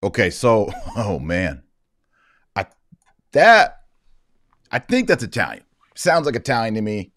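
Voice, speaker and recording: A man's voice: lowish voice, big pitch swings, normal speed, fairly bright tone. A man from Texas, hosting a casual show and commenting on video clips in a chatty, joking way. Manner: chatty, joking, with fillers and asides. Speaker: host.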